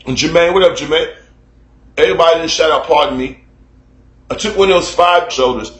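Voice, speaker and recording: Profane, animated man in an echoey room. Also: on the high side, fairly quick. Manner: animated, profane, mimics shouting at a neighbor. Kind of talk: casual storytelling to camera. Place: basement room at home. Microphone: camera mic.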